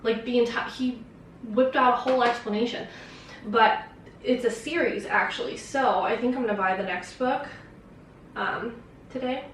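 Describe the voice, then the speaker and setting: A woman's voice: fairly high pitch, normal speed, fairly bright tone, a little hiss or hum. A young woman vlogger chatting casually about a book, rambling and swearing with lots of fillers. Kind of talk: casual chat. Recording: very echoey room, distant mic.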